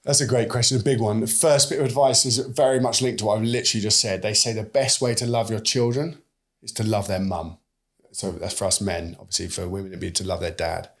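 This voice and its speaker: A man's voice: on the low side, steady tone, quick pace. A British man in his forties, a podcast guest who talks animatedly and acts out bits of quoted dialogue. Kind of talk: conversational podcast interview.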